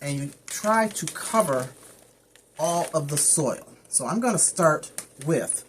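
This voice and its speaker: A woman with a low voice, recorded with a little hiss or hum, chats casually as she shows her house plants. This plant care vlogger's how-to talk meanders off topic, and she stumbles on plant names.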